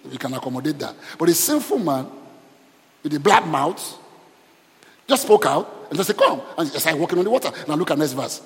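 Lively pastor in a reverberant hall. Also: male voice, a little high, brisk, vocal fry. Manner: asks the congregation questions, preaching with call and response. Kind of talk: sermon. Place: church hall.

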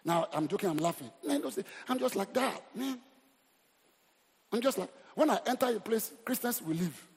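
A man's voice: high-pitched, moderate pace, creaky, slightly rough. A middle-aged Nigerian man preaching a humorous, exhorting sermon as pastor. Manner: animated, humorous, exhorting the crowd. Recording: reverberant hall.

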